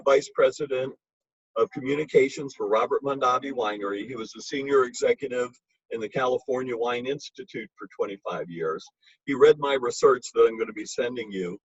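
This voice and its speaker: Husky, emphatic male wine lecturer. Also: medium pitch, no echo. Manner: emphatic, blunt and chatty. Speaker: wine educator. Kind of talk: informal lecture. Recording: dull lo-fi recording.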